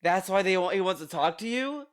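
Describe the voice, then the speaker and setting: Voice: medium pitch, expressive, fairly quick. A streamer giving exasperated, ranting commentary on a video, swearing freely. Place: home streaming room.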